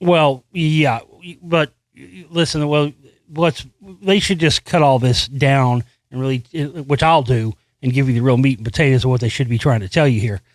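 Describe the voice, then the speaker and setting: Speaking at a moderate pace in a medium-pitched voice with no room sound, a solo commentary host reads news text aloud before launching into frustrated, profane rants riddled with restarts.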